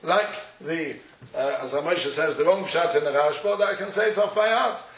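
A man lectures on a Talmudic topic in a questioning, back-and-forth cadence. His voice sits somewhat high. He is heard from a distance in a roomy, echoing space. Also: fairly quick, a bit bright. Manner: questioning, argumentative study-hall cadence. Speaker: Torah teacher. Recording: echoey room, far from the mic.

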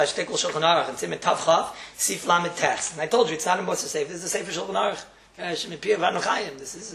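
A man's voice: high-pitched, vocal fry, fairly bright tone. A man teaching a Torah class, emphatic, repeating key phrases and chuckling as he explains. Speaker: rabbi teaching a morning class. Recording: roomy echo.

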